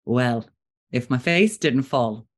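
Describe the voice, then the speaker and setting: An Irish woman in her thirties co-hosting a casual chat podcast, telling animated stories and acting out what people said. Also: rumbling low, takes it slowly. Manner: animated storyteller, acts out quotes. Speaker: podcast co-host.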